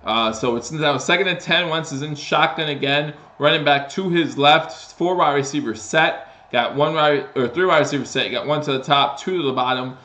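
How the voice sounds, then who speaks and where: A man's voice: fairly high pitch, moderate pace, hardly any pauses, roomy sound. A man hosting a live stream, giving casual play-by-play football commentary that picks up on big plays. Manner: casual, with fillers and restarts, rising excitement on plays. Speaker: host doing live play-by-play.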